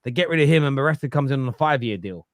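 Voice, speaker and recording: A man's voice: mid-range voice, lively intonation, racing, dry recording, studio quality. Opinionated man in a football fan debate. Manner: opinionated, reads out viewer comments and rebuts them. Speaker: football podcast panelist, fan of his club. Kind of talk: casual fan podcast debate.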